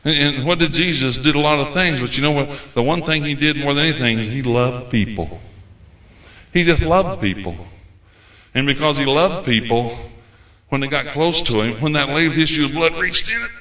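A man preaching a folksy, animated sermon as a visiting preacher. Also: a little high, fairly quick. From United States. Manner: folksy, animated, acts out quoted voices. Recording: echoey room.

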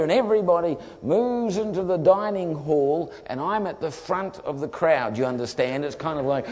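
Kiwi guy preaching, funny storytelling, bit high voice, hall echo all around. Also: moderate pace, hardly any pauses. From New Zealand. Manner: lively storyteller acting out voices. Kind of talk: humorous testimony sermon. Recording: long hall reverb.

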